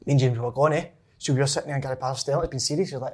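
A man's voice: mid-range voice, steady tone, very fast, husky. A Scottish man hosting a podcast, telling chatty, giggly dressing-room stories. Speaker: podcast host. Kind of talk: casual podcast chat.

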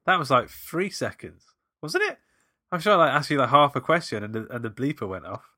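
A man's voice: mid-range voice, big pitch swings, fairly quick, sharp tone, dry recording, studio quality. A man co-hosting a casual podcast, running a playful movie-quote quiz and laughing often. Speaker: podcast co-host. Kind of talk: casual chat, quiz game.

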